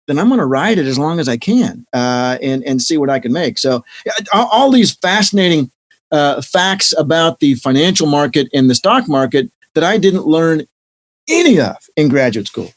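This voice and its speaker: A man in his fifties, an economics professor, answering interview questions as an animated storyteller who acts out quotes. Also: fairly high pitch.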